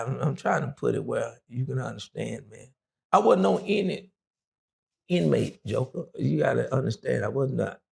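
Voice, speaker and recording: A man's voice: medium pitch, a little mellow. A middle-aged man, an interview guest and former prisoner, telling his story in a loose, rambling way full of fillers. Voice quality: gravelly.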